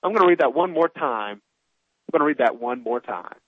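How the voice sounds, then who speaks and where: Brief: heated male call-in radio host, high voice, dull dry lo-fi broadcast sound. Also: lively intonation, fairly quick, no room sound. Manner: heated, ranting, many restarts. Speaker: radio talk show host.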